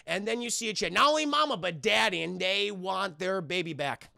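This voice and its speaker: Profane, gravelly young man recapping films. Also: sits high, animated, pushed and bright, no echo, studio quality. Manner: rambling, profane, acts out characters' lines in quick bursts. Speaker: film reviewer streaming to chat. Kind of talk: animated spoiler recap to a live chat.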